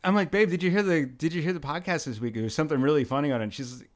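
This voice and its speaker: A man's voice: a little high, rapid-fire. A young man hosting a podcast, laid-back and laughing often in casual chat. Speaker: podcast host.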